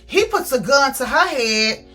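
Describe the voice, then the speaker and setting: A woman's voice: sits high, expressive, a little slow, pushed and bright, soft background music. A woman chatting casually through a book review, retelling the story with lots of fillers.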